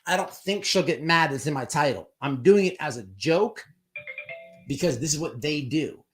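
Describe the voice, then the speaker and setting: A man talking in a fairly high voice, hosting a live stream with casual commentary. He rambles and swears freely. He often slips into quick put-on voices to act out what others said. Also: animated, faint music behind.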